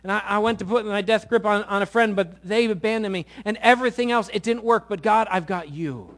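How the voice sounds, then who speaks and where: In his sermon, a middle-aged pastor speaks a little fast as he tells a story. Loud, big peaks alternate with quiet passages that feel intimate.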